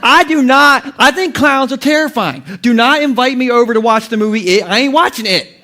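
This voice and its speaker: A man in his thirties delivers a sermon full of jokes and funny stories. His voice sits unusually high for a man. He laughs often as he preaches from the pulpit. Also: fairly quick, sharp tone. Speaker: pastor. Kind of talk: humorous sermon.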